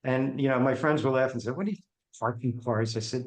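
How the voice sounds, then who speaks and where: In an echoey room, a man being interviewed on a podcast tells career stories with lively energy, performing the voices of those in them. He has a medium-pitched voice and talks fast.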